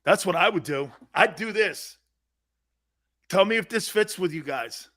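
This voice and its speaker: A sports talk host with a high voice speaks at a measured pace yet rants loudly and animatedly. He mocks freely and drops into angry fan impressions.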